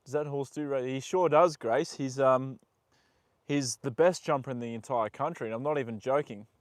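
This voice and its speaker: A young man live-streaming from a horse paddock, chatting with viewers and talking softly to his horse. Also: mid-range voice, normal speed, dry recording, studio quality. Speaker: livestream host. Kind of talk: casual live stream chat.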